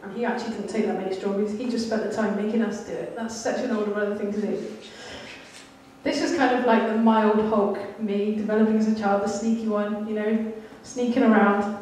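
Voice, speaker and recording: A woman's voice: medium pitch, flat delivery, fairly quick, darkish tone, slight background noise. A woman giving a sermon, telling a candid, self-deprecating story about her childhood. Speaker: church speaker. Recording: echoey hall, mic at a distance.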